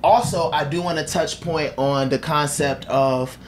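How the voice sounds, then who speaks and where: A man's voice: a little high, fairly even intonation, a little slow, slight background noise. Slangy enthusiastic male podcast host. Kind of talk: casual podcast talk.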